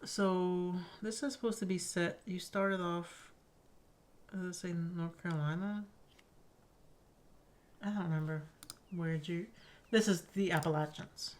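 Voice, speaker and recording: A woman's voice: on the low side, fairly even intonation, a little slow, long pauses. A woman streamer chatting casually and reacting aloud while she plays a story game. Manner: chatty, reacts aloud, asks questions to herself. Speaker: gaming streamer. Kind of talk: let's play commentary and reading game text aloud. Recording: game music playing behind.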